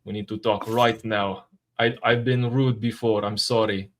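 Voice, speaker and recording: A man's voice: on the low side, level tone, normal speed, natural voice. A man putting on a begging Russian diplomat. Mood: pleading. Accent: put-on Russian. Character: pleading Russian male diplomat, begging and apologetic.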